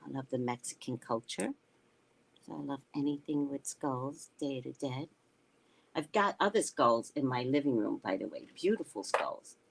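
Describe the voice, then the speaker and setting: A woman's voice: extremely low pitch, lively intonation, moderate pace, vocal fry, poor audio. A woman psychic reader hosting a casual livestream, chatting in a rambling way and reading out viewer comments.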